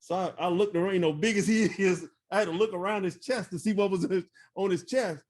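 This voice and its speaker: A middle-aged man, a retired army first sergeant, telling stories in a casual interview, animated, laughing often and full of fillers. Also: high voice, quick pace.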